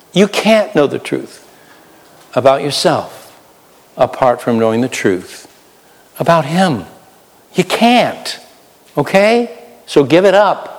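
A man preaching a sermon as pastor, animated, swinging between loud outbursts and hushed asides while acting out voices. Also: a little high, slow, pauses often, long reverb tail.

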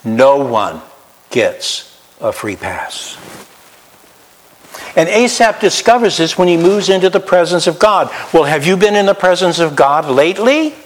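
Pastor preaching in a reverberant hall. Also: male voice, very animated, a little slow. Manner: wide swings from loud emphatic highs to quiet low asides. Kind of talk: sermon.

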